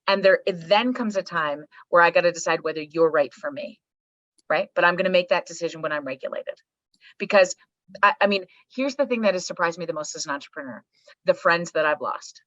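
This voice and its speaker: A middle-aged woman talking in a lowish voice, telling stories bluntly and with plenty of swearing. Her voice sounds a little dull and muffled, with a dry, close sound and no room around it. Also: fairly quick, no room sound. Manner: blunt, profane, animated storytelling. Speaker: psychologist guest. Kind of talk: candid podcast conversation. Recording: slightly muffled dry recording.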